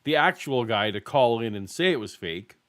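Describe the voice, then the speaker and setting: A man hosting a casual podcast, talking in halting phrases and searching for words. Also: medium pitch, lively intonation, fairly bright tone. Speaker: podcast host. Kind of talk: casual chat.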